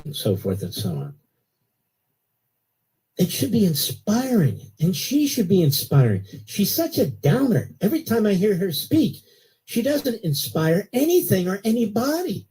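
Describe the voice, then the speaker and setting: A man's voice: sits high, huge pitch swings, a little slow, warm tone, breathy edge. An older man hosting a talk radio show, delivering an indignant, sarcastic monologue.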